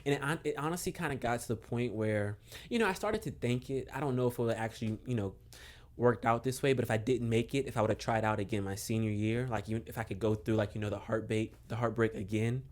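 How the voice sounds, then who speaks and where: A young man from Maryland, a guest on a podcast, telling a relaxed story with lots of fillers and chuckles. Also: medium pitch, fast. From Maryland, USA. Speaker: podcast guest, basketball coach. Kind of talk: casual storytelling interview.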